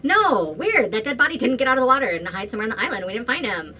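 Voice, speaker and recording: A woman voicing a flustered young friend back from a search, talking fast and high. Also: big pitch swings, bright, forceful tone, slightly rough, far from the mic, exaggerated voice.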